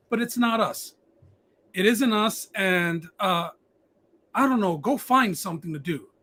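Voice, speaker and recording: A man with a high, somewhat bright voice hosts a casual live-streamed podcast. He swears often, rambles, and stammers, constantly restarting his sentences.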